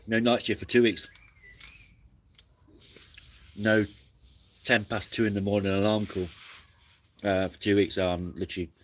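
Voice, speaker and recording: A man's voice: sits low, a little hiss or hum. A man hosting a casual camping live stream, rambling and reflective, snacking between sentences.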